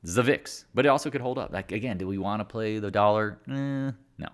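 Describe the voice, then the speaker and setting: His pitch is fairly low and he speaks a little fast. Hosting an informal live market chat, he walks through charts with rambling jokes, sometimes laughing at himself, and sings or imitates other traders in goofy voices.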